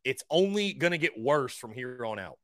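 A man's voice: mid-range voice, animated, moderate pace, fairly bright tone, no echo, studio quality. Blunt middle-aged man hosting sports talk. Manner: blunt, combative, unapologetic. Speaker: sports talk show host.

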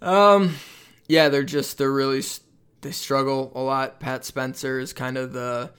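A man hosting a casual sports talk show, running through statistics in a quick, laid-back way. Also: mid-range voice, steady tone, fairly bright tone, clean tone. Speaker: host.

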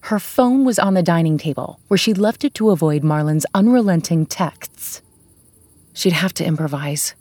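A woman narrating a suspense audiobook in a steady, measured way. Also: on the low side, no room sound.

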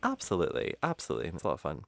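A man co-hosting a casual podcast chat who laughs often and trails off into quiet asides. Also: very deep voice, huge pitch swings, rapid-fire, creaky, no echo, clean studio sound. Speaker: podcast co-host.

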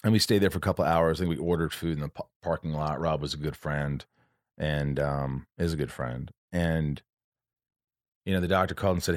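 A man's voice: a bass voice, no room sound, studio quality. A man hosting a podcast, telling a long emotional story in a rambling, casual way. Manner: emotional, rambling, does quick voices of friends. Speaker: podcast host. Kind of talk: casual chat.

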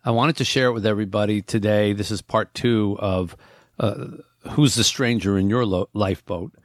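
A podcast host with a lowish, steady voice retells a book's plot at normal speed in a casual, conversational way, often adding ums and restarts. He sounds close to the mic in a dry, dead room with no room sound.

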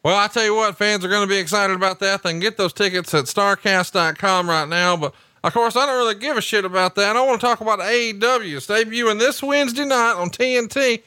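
A man's voice: sits high, fast talker, few pauses, pushed and bright, clean tone, no echo. Teasing man hosting a podcast. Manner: joking, teasing, crude. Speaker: podcast host. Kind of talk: casual podcast banter.

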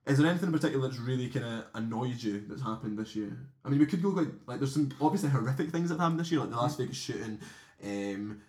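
A young man with a Scottish accent hosts a loose, casual podcast, talking in rambling runs that trip over themselves. His voice sits at a middle pitch. It is heard in a roomy, echoing space. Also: expressive, fast talker, hardly any pauses, darkish tone. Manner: rambling, self-interrupting, chatty. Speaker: podcast host. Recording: roomy echo.

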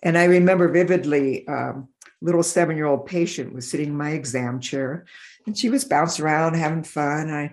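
A middle-aged woman in a podcast interview, telling stories in an animated way and acting out the voices of the people in them. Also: sits low, brisk. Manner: animated, acts out voices in her anecdotes. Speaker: developmental optometrist.

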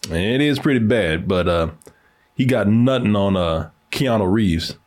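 A man's voice: fairly low pitch, animated, measured pace. A man co-hosting a casual movie-reaction chat, talking in loose, laughing, profane banter. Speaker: co-host reacting to film clips.

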